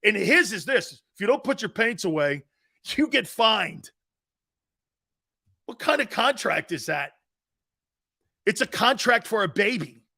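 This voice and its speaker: A man's voice: sits high, a little slow, vocal fry, pauses often. A man hosting a sports talk show, ranting in a brash, mocking, opinionated way. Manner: brash, mocking, animated rants.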